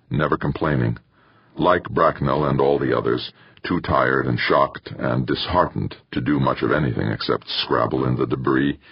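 A man narrating an audiobook in a steady, somber way. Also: a bass voice, gravelly, slightly rough, dry recording. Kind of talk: scripted narration. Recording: muffled dry recording.

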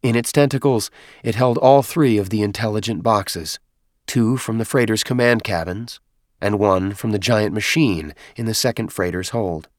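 Low-pitched guy reading an audiobook, steady measured storytelling, dry close mic. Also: dry recording. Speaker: audiobook narrator. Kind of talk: scripted narration.

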